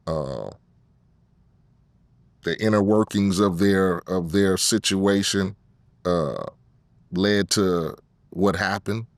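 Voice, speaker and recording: Low-voiced unhurried man, many ums. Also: no echo. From Compton, California. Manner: unhurried, fills pauses with drawn-out ums. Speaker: guest rapper. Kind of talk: casual interview.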